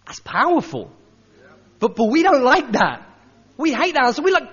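A man preaching a sermon in a conversational, animated way, acting out the quotes he tells. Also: very high-pitched, moderate pace, husky. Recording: dull sound with long hall reverb.

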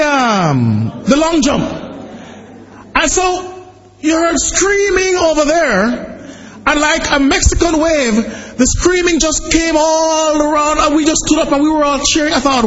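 A man, a pastor telling a lively personal story during a sermon and shouting at its most excited points. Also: very high-pitched, muffled recording. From Jamaica. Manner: animated storytelling, bursts into shouting when excited.

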